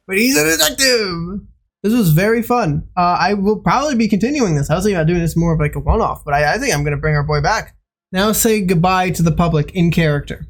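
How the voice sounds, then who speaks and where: An excitable gaming video host giving joking casual commentary. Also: medium pitch, quick pace.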